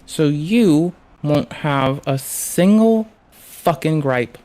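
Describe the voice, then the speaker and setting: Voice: medium pitch, animated, drawn-out words, mellow, slight background noise. A streamer doing reaction commentary on a livestream, talking in a heated, sarcastic way with lots of swearing and sounding annoyed. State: annoyed and frustrated.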